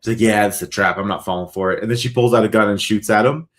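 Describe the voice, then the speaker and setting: A man co-hosting a podcast, retelling movie scenes in an animated way and acting out the lines. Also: on the low side, fast. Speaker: podcast co-host. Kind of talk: casual movie recap chat.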